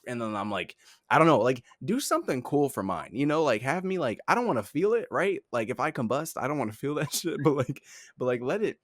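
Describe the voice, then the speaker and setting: A man's voice: medium pitch, sing-song, a little fast, dry recording. Young man, casual podcast chat, rambling, laughing, lots of fillers, dry close recording. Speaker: podcast co-host, head of talent.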